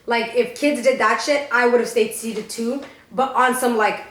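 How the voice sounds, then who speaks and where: A woman's voice: a little high, fairly even intonation, normal speed, a bit bright, echoey room. A young woman co-hosting a casual podcast, telling blunt stories and swearing freely. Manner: blunt storytelling, frequent swearing. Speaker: podcast co-host. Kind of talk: casual chat.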